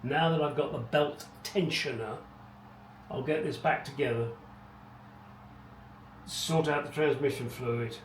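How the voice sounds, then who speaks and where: Pausing often and in no hurry, a middle-aged man with a medium-pitched voice narrates his car restoration with wry, casual rambling and muttered asides. It was recorded in his home garage: echoey, distant and noisy.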